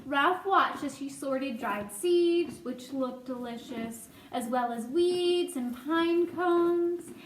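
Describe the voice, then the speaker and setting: A woman reads a children's novel aloud, expressive and breaking off for chatty asides. Her voice sits high, the room is echoey, and a faint hiss runs underneath. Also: slow pace, few pauses. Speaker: storyteller.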